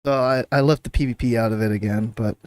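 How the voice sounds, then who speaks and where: A man with a mid-pitched voice in a relaxed podcast chat, quoting other people's replies with a shift in voice. The sound is dry and close, with no room echo. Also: fast talker. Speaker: podcast co-host.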